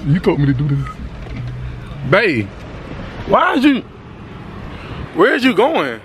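Filming a prank in and around a parked car outside, a young vlogger teases and laughs before switching to pleading. His high voice swoops wildly in pitch, and he talks slowly. The handheld camera picks up outdoor noise and passing traffic.

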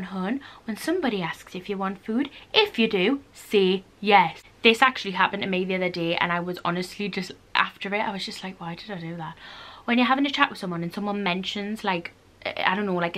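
Young woman, Geordie accent, twenties, bright tone, casual vlog chatter, animated, swears freely. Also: medium pitch. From North East England. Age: 20s. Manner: animated, swears freely, acts out little quoted exchanges. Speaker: YouTuber. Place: indoors at home. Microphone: camera mic.

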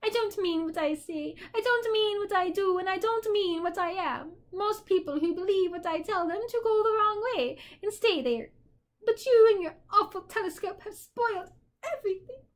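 A woman voicing a small furry male demon who is sniveling and insecure, with a whiny, high-jumping voice. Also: animated, measured pace. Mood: whimpering. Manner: pitch jumps high, whiny and sobbing.

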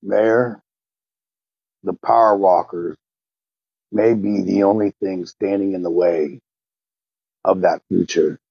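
A man playing a gruff, gravelly hero. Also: deep voice, steady tone, takes it slowly, pauses often, no echo, full character voice. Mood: resolute. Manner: gruff, clipped and resolute. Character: blunt determined male hero. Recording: dull, dry lo-fi mic.

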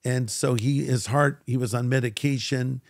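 An older man tells a long personal story as an interview guest, putting on the voices of the people he quotes. He has a medium-pitched voice recorded dry and close, with no room sound. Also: moderate pace, creaky, no room sound. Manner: animated storyteller who acts out quoted voices. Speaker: guest pastor.

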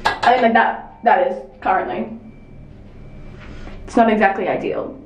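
A woman's voice: medium pitch, unhurried, far from the mic, a little hiss or hum. A young woman from Australia doing a chatty, self-deprecating get-ready-with-me makeup talk. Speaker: beauty vlogger. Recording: echoey room, off-mic.

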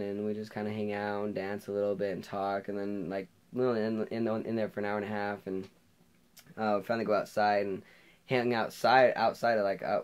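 Young man telling a rambling story, low voice. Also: clear, resonant tone. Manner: rambling, heavy on "like" and "you know", laughs often. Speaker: vlogger. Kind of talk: casual storytelling.

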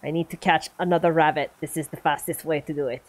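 A woman's voice: low voice, fairly even intonation, fast talker. A woman voicing a blunt, dramatic Russian-accented persona in broken clipped phrasing, playing it up for joking game commentary. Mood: mock menace. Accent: put-on Russian. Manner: clipped broken grammar, mock menace.

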